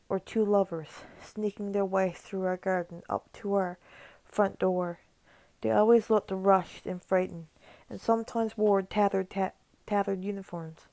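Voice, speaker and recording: A woman's voice: medium pitch, creaky, darkish tone, no echo. A woman reading a horror story aloud as a channel narrator, stumbling over words now and then and dropping casual asides between passages. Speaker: creepypasta narrator.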